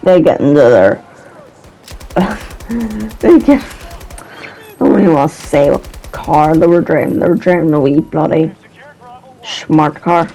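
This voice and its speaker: A man's voice: on the high side, animated, slow pace, pauses often, mellow, poor audio. A man telling a story about his past in a casual, rambling way, hesitant and swearing now and then.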